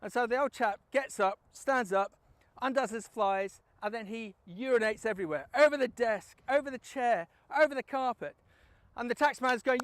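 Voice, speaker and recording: A man's voice: very high-pitched, brisk, fairly bright tone, dry recording. A man hosting a casual video blog, chatty and enthusiastic. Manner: chatty, enthusiastic, frequent "fantastic". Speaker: recruitment firm host.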